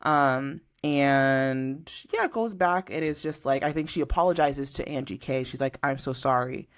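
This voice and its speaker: A woman's voice: extremely low pitch, measured pace. A young adult woman co-hosting a podcast, recapping reality TV in a casual chat and acting out what people said. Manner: animated storyteller, acts out quotes. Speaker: podcast co-host.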